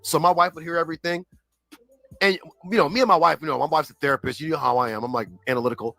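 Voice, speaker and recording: A man's voice: fairly high pitch, racing, gravelly, bright, forceful tone, no room sound, low-quality recording. A man chatting casually on a livestream, rambling in slang and packing his talk with filler words. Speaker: livestream regular reading chat.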